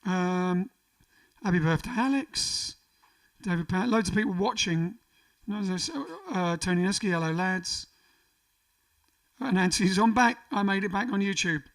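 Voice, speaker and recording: A man's voice: sits high, animated, unhurried, pauses often, fairly bright tone, distant mic. A man hosting a casual livestream, reading out viewer comments in a jokey, rambling way. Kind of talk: casual chat. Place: home during lockdown.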